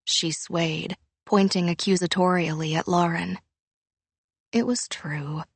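A woman narrating an audiobook in a measured, even reading voice, close to the mic. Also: on the low side, gravelly, breathy edge, no echo. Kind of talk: scripted narration.

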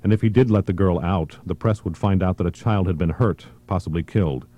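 A man reading a thriller audiobook in a measured, even narration. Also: deep voice, no echo.

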